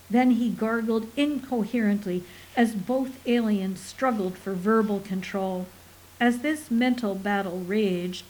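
A woman narrating an audiobook in an expressive storytelling delivery. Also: a little high, low-quality recording.

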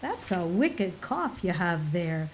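A woman's voice: on the low side, big pitch swings, slow, a little hiss or hum, voice pushed down, heavily acted, rough recording. A woman voicing a chatty, fussy middle-aged male pub landlord who hands out advice. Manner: gossipy, advice-giving.

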